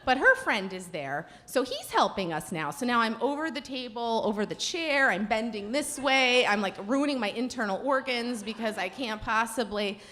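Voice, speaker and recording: A woman telling a self-deprecating personal story on stage at a live storytelling event, animated and self-mocking. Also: a little high, normal speed, few pauses.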